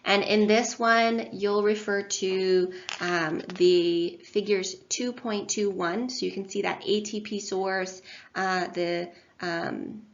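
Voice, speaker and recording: A woman's voice: on the low side, vocal fry, fairly bright tone. A woman giving a recorded online lecture in a chatty, self-deprecating way, with many fillers and restarts. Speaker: instructor. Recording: slightly dull lo-fi audio.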